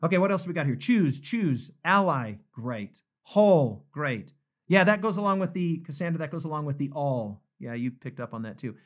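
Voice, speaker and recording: A man's voice: on the high side, expressive, moderate pace. A male pastor hosting a live-streamed book study. He reads viewer comments aloud, reacts to them cheerfully, and closes with an earnest prayer. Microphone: phone livestream.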